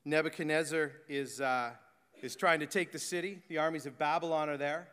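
A man delivers a sermon in a high, bright voice that carries a long reverb through a large church hall. He moves between eager, animated talk and quiet, slowed-down reverence. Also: clean tone. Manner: swings from excited, animated talk to hushed, slow reverent delivery. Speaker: pastor.

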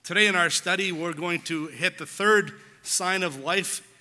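A man's voice: high-pitched, a little slow, sharp tone. A man preaching a sermon as pastor, earnest and telling a story with quoted voices. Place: church hall. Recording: long church hall reverb.

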